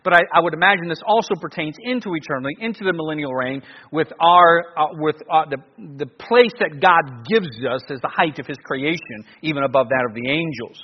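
A male pastor preaching a sermon in an animated way, full of rhetorical questions and frequent restarts. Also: fairly high pitch, fairly quick, hardly any pauses, slightly rough. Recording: dull, lo-fi recording with long reverb.

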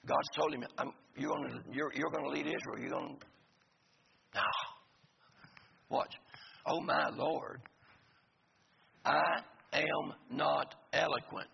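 Gravelly-voiced preacher in a reverberant hall. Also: male voice, medium pitch. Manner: folksy, joking asides to the congregation. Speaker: pastor. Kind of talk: sermon. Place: church sanctuary. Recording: gravelly voice in a reverberant hall, dull lo-fi sound, faint noise.

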